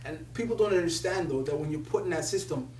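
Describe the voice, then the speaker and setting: A young Somali poet laureate tells stories animatedly, laughing as he quotes other people. His voice is a little high, fast, and slightly mellow, recorded from a distance in an echoey room with a faint hum.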